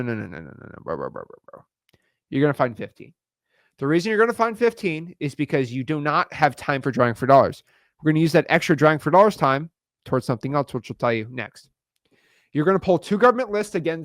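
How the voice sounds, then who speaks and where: A young man coaching real estate wholesaling in an energetic online course style, hyped and slangy with rapid repeated words. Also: fairly high pitch, dry recording, studio quality.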